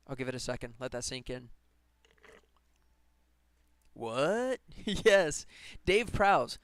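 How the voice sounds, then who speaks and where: A man's voice: on the high side, a bit bright, clear, resonant tone, no echo. A man game developer chatting casually on a live stream while he works, rambling and laughing often. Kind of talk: casual livestream chat while working.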